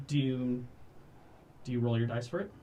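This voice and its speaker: A man's voice: medium pitch, fairly even intonation, moderate pace, warm tone, distant mic, slight background noise. A man narrating a tabletop game as game master, in a loose, hesitant way with frequent laughter.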